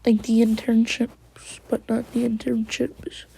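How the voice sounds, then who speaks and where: A woman's voice: on the high side, level tone, unhurried, vocal fry, dark tone, husky. A woman casually retelling a fan story, rambling and quoting characters, often slipping into a whisper.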